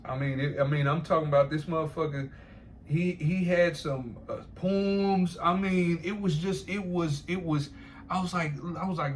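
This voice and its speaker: A man's voice: on the high side, moderate pace, a little hiss or hum. A man talking in a loose, rambling monologue, swearing often and laughing between repeated phrases. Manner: profane, repetitive, laughing asides.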